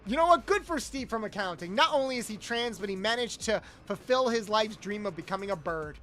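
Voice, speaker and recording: A young man streaming a video game, chatting casually with viewers, loud and animated with swearing. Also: high-pitched, fairly quick, soft background music. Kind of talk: casual gameplay livestream chat.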